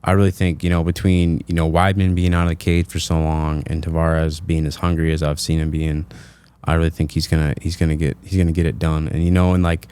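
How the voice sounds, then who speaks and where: A man's voice: rumbling low, level tone, fairly quick, a little mellow, clean tone. A man, a fighter on a podcast panel, talking fights in a rambling way, leaning on filler phrases. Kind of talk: casual fight-breakdown chat.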